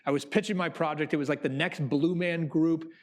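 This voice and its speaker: A man's voice: fairly high pitch, fairly quick. A man, a theater producer, giving a conversational talk to business students and acting out quotes as he tells anecdotes. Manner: animated storyteller who acts out quotes. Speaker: Broadway producer.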